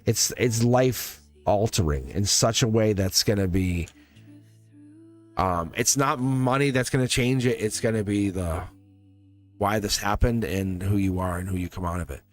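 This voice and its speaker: A man's voice: fairly low pitch, a little slow, soft background music. A man giving live-stream tarot readings to viewers in a rambling, earnest way, often restarting his sentences and getting emotional.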